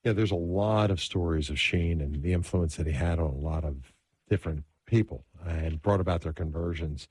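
A man's voice: deep voice, moderate pace, a little mellow, slightly rough. A man hosting a radio talk show, reacting briefly to his guest and leading into a break.

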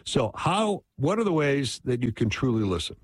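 A man's voice: mid-range voice, big pitch swings, normal speed. A man teaching relationship advice in a casual, conversational way, often checking in with his listeners. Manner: conversational, constant "right?" check-ins.

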